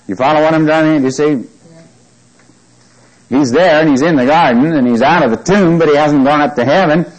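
A man's voice: fairly high pitch, a little fast, low-quality recording. A man teaching a Bible study, reading scripture aloud with emphasis and often checking whether listeners follow him. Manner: asks the listeners questions often.

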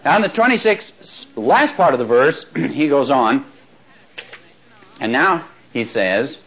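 Man, Bible study teacher, chatty with chuckles, lively pitch, slows down to read verses, dull lo-fi audio. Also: husky. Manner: slows right down when reading verses aloud. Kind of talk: Bible study lecture to a live class. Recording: dull lo-fi recording.

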